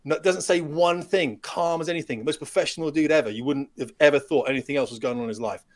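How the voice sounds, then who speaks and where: A middle-aged man, a retired pilot, telling lively anecdotes as a podcast guest and acting out the dialogue. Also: on the high side, quick pace. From United Kingdom. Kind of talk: storytelling in a podcast interview.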